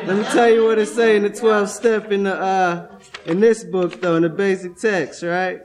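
Young guy talking at a recovery convention, high voice, swears a lot, keeps saying right?. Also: steady tone, moderate pace, crowd noise. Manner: streetwise, profane, peppers with "right?". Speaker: workshop speaker at a recovery convention. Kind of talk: testimony-style workshop talk. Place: convention room.

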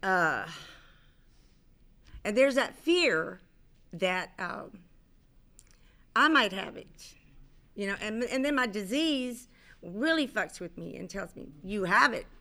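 A middle-aged woman with a bright, sharp-edged voice shares her personal story from a convention stage. Her talk is candid and loose, full of fillers, restarts and the odd curse word. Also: medium pitch, sing-song, slow, long pauses. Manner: candid, rambling, many fillers and restarts, casual swearing. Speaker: speaker at a recovery convention.

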